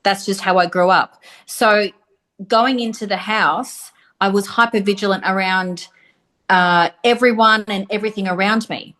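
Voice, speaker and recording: A woman's voice: mid-range voice, fairly even intonation, normal speed, a bit bright. A woman being interviewed as a podcast guest, a former reality TV contestant, speaking emphatically and acting out quotes as she tells her stories. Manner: emphatic, defiant storytelling with acted-out quotes. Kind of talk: casual conversational interview.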